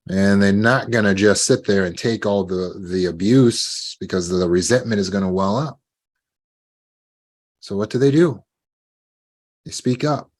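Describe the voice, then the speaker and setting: A man giving a talk on trauma recovery, calm and gentle, now and then acting out short sample dialogues. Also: fairly low pitch. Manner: gentle, acts out sample dialogues with lively shifts. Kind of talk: instructional talk.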